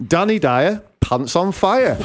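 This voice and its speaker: A man's voice: high voice, a bit bright, a little hiss or hum. A man with a Northern English accent, co-hosting a casual podcast and running a quiz game, often laughing as he reads. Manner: laughing, reads quotes aloud. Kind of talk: casual chat.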